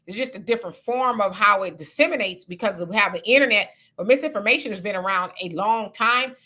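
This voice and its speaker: A woman hosting a casual livestream, reading viewer comments and chatting with animated, laughing asides. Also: medium pitch, a little fast. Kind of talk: casual live chat.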